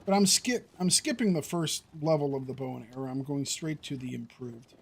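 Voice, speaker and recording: In casual gameplay commentary on a survival game, this man talks to his chat and reasons out loud about what to do next. He speaks briskly in a gravelly, mid-range voice over slight background noise.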